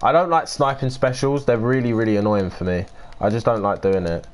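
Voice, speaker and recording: A man's voice: fairly low pitch, brisk. A nineteen-year-old British man live-streaming, casually chatting, answering viewers by name and swearing and grumbling as he plays. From United Kingdom. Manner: swears and grumbles while playing.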